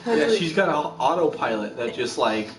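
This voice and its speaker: A man's voice: fairly high pitch, big pitch swings, normal speed. A man chatting casually with family, telling funny stories through laughter and acting out the voices of the people in them. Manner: laughing storyteller, acting out voices in his anecdotes. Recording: echoey room with loud background noise.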